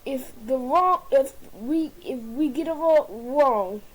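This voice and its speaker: A woman's voice: sits high, slow pace, low-quality recording. A woman giving a comedic formal toast, often tripping over words and restarting them. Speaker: speaker giving a dinner toast.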